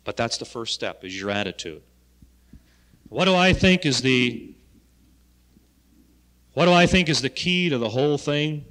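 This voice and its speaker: A man's voice: mid-range voice, expressive, measured pace, pauses often, fairly bright tone. Man lecturing in a reverberant hall. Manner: rhetorical questions and folksy storytelling. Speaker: health education coordinator speaking at a symposium. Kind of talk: anecdotal lecture to students. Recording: reverberant hall, 1970 archive recording.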